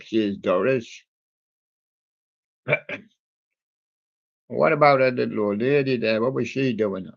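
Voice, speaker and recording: Slow, rambling man on a lo-fi stream. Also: medium pitch, creaky. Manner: slow, rambling and jokey, with many ums and asides. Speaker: livestream host reading out a music playlist. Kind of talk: casual running commentary between old songs.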